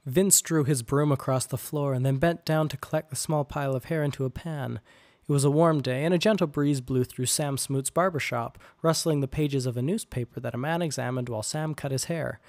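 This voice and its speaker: A man narrating a chapter of a storybook in an even storytelling manner. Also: medium pitch, brisk, dry recording, clean studio sound. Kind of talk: audiobook narration.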